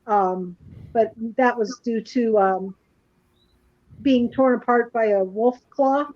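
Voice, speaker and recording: A woman with a higher voice who speaks hesitantly, pausing and searching for words. Her audio is dull and lo-fi, and the sound is dry. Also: dry recording. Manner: hesitant, thoughtful, many ums. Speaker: guest author. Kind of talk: casual panel chat.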